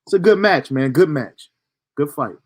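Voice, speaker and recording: A man's voice: a little high, animated, moderate pace. A man hosting a reaction video, giving laid-back, slangy commentary between clips.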